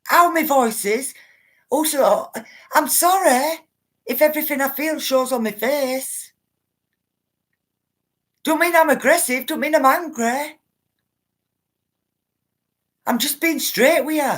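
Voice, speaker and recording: A woman's voice: high-pitched, slow, long pauses, fairly bright tone. A woman hosts a casual live stream. She talks straight to her viewers and reads out their comments. Her delivery is blunt and emphatic, and she hammers each point home by repeating it. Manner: addresses viewers directly. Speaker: livestreamer reading viewer comments.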